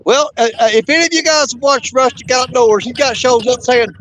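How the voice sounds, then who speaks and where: A man hosting a fishing show outdoors, talking in an excited, breathless, rambling way. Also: extremely high pitch, moderate pace, few pauses, a little hiss or hum. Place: outdoors by a river.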